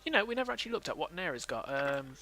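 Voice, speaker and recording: A man's voice: a little high, sing-song, rapid-fire, bright, forceful tone, soft background music. A young man casually commenting on his gameplay as a let's play host, thinking aloud.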